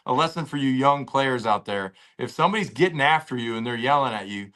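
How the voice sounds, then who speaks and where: Bright-voiced man telling football stories. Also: mid-range voice, brisk. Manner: animated storyteller, loose slangy talk. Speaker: podcast guest, former pro football player. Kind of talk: casual interview storytelling. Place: at home with a dog nearby.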